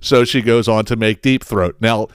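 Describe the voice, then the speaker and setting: A man hosting his own podcast, telling a story in a casual, profane and animated way, acting out the quotes. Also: lowish voice, moderate pace, smooth, no echo. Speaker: podcast host.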